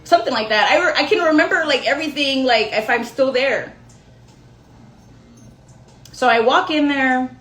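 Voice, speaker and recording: A woman's voice: high-pitched, normal speed, long pauses, fairly bright tone, echoey room, faint music behind. A young woman telling a rambling personal story to her viewers in a chatty, self-mocking way. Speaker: storyteller vlogger. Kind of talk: casual storytelling to camera.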